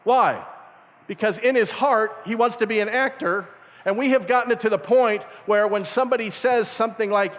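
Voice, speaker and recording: A man's voice: high voice, a little fast. A middle-aged man giving a camp sermon, telling stories and acting out the voices in them. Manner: acts out voices in his stories, animated. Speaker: camp speaker. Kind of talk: storytelling sermon. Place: camp meeting hall. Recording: reverberant hall.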